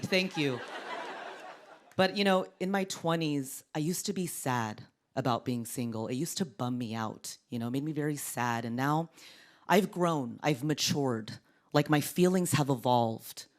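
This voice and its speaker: A woman in her thirties from Orange County doing stand-up on a TV studio stage, with a deep, sultry voice and deadpan, self-mocking delivery. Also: a little slow. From Orange County, California. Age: 30s. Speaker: comedian. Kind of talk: stand-up comedy. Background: studio audience laughter.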